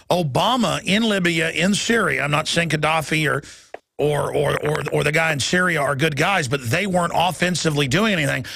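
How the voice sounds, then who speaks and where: A man hosting a talk radio show, talking fast and stumbling over repeated words as he lines up topics with a guest. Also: a little high, creaky, bright, forceful tone, no room sound. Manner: rapid, restarts with repeated words.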